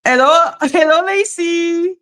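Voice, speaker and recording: A woman's voice: very high voice, takes it slowly, a bit bright. A woman hosting a casual livestream, chatting loosely, exclaiming and greeting viewers by name. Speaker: livestream commentary host.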